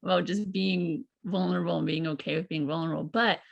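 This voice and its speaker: A woman guesting on a podcast, her voice gravelly with a husky edge. She chats casually and laughs often through her family stories. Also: on the low side, fairly even intonation, fairly quick, lo-fi sound. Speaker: guest comedian.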